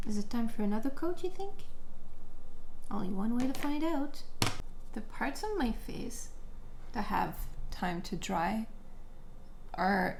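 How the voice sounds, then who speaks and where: A woman chatting casually while doing her makeup, telling a story with jokes and animated retelling. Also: mid-range voice, gravelly, slight background noise. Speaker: beauty vlogger. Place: at home, living room.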